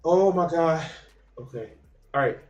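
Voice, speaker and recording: A man with a fairly high-pitched voice talks through clips on his stream in a blunt, profane way. He trails off and restarts his thoughts as he goes. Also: a little slow, lo-fi sound, slight background noise. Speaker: livestream host reacting to videos. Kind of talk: casual reaction commentary.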